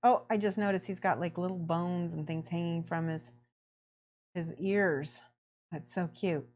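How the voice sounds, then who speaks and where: A woman's voice: fairly low pitch, steady tone, measured pace, a little mellow. A middle-aged woman hosting a miniature painting livestream, chatting casually and laughing often as she greets viewers by name.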